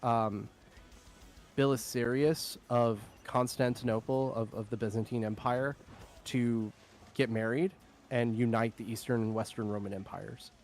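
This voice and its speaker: A young man chats casually on his stream, rambling through fillers and laughing often. His voice sits at an ordinary middle pitch. Soft music plays faintly underneath. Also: fairly even intonation, unhurried. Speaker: streamer host. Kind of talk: casual chat.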